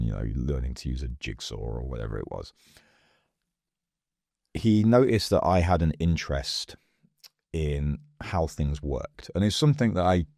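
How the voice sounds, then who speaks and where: A man from England, a guest in a casual interview, telling stories in a lively way and acting out the voices of people he quotes. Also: rumbling low, gravelly, no echo, studio quality. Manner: lively storyteller who acts out quoted voices. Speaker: podcast guest.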